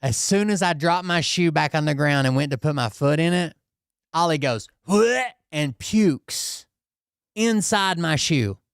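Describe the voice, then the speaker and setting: A man hosting a casual talk show, telling a story in a profane, animated, exasperated way. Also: a little high, normal speed, clear, resonant tone, no echo, studio quality. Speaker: host.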